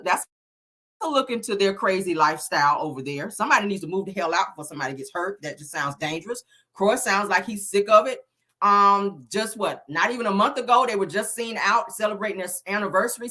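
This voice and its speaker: A woman's voice: medium pitch, lively intonation, fairly quick, bright, forceful tone. A woman hosting a casual celebrity gossip show, talking in a sassy, blunt way and speaking straight to her viewers. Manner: sassy and blunt, addresses the audience as "honey" and "y'all". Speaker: host.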